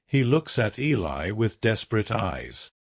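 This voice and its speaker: A man narrating a scripted story in a slow, deliberate storytelling manner. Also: fairly low pitch, big pitch swings, creaky, no room sound, clean studio sound.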